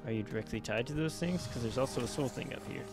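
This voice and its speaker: A man giving casual gameplay commentary into his desk mic, chatty and quick to exclaim, talking back to the enemies on screen. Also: medium pitch, over music. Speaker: let's play gamer. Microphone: personal desk mic.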